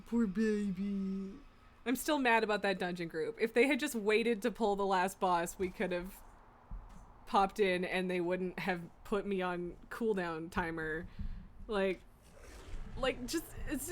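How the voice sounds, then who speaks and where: A woman's voice: mid-range voice, fairly bright tone. A young adult woman streaming from home, chatting casually, laughing often and teasing her cat. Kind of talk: casual live-stream chat. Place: indoors at home.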